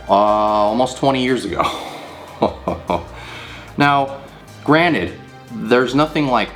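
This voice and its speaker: Animated, swearing man in his thirties. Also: deep voice. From California. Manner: animated, profane, laughs often. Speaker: channel host. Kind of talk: casual storytelling vlog.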